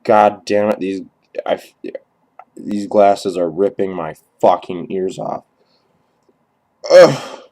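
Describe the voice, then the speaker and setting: A young man performing a dry, halting comedy monologue in character, crude and profane, recorded on a cheap webcam. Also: sits low, mellow, poor audio. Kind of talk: deadpan rambling character monologue.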